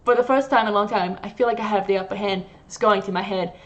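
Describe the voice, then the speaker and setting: A woman gamer reads a visual novel aloud in a playful, animated way. Her voice sits at a middle pitch. A lo-fi mic dulls the sound. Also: fast talker. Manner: animated, playful dramatic reading.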